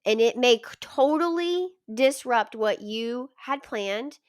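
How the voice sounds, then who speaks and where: A woman's voice: on the high side, animated, slow pace, smooth, dry recording, clean studio sound. A woman guest on a podcast, speaking frankly and emphatically, reassuring new parents. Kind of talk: podcast conversation.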